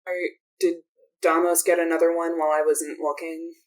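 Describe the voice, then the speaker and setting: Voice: mid-range voice, level tone, moderate pace, close to an everyday voice, low-quality recording. A game master voicing an exhausted, sarcastic woman who works as a medic in a clown troupe, talking in a dry, weary way that trails off. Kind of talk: tabletop game role-play.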